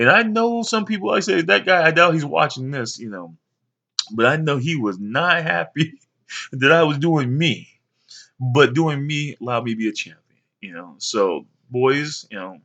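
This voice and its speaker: Young father, rambling casual storyteller, gravelly bright voice, mid pitch. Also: highs cut off. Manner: rambling, many fillers, animated when quoting others. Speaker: father telling stories to his sons.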